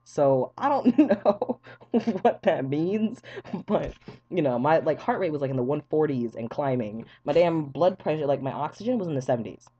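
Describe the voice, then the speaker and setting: A young man telling a wild personal story to camera in a casual, animated way, acting out the voices of the people in it and swearing freely. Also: on the high side, normal speed, dull audio. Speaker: vlogger.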